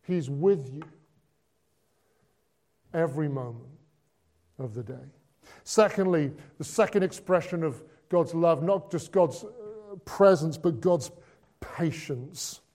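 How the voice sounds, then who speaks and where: A man giving a conversational Christmas sermon, moving between hushed and excited delivery with lots of repetition. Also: a little high, takes it slowly, pauses often. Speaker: preacher.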